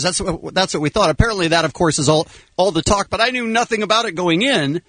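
A man's voice: high voice, fast, a bit bright, no echo. A man hosting a radio show, wisecracking and playfully flirting with a guest. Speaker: radio host. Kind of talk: morning radio banter.

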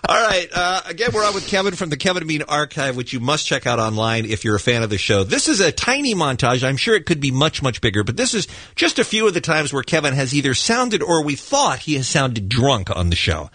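A man's voice: fairly high pitch, very animated, brisk, hardly any pauses, sharp tone, dry recording. A man hosting a morning radio show, joking and teasing his co-host and guest. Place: radio studio.

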